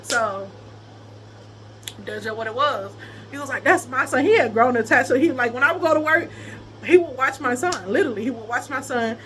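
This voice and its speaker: Animated high-voiced woman telling a story. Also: fairly quick, slight background noise. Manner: animated, laughs often, breaks into high laughing squeals. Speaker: vlogger telling a personal story. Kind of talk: casual storytelling chat.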